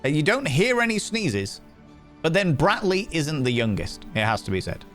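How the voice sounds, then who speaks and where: A man narrating as game master for a streamed tabletop game, unhurried and dotted with fillers. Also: on the high side, sing-song, a bit bright, soft background music.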